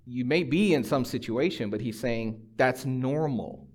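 Speaking at medium pitch and a little slowly, this middle-aged male pastor preaches a sermon. He blends personal anecdotes with dry wit and urges his listeners on in an emphatic, conversational way.

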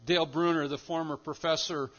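High, bright-voiced man preaching emphatically. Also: fairly even intonation, brisk, lo-fi sound. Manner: emphatic preaching with repetitions and restarts. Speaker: pastor. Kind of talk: sermon.

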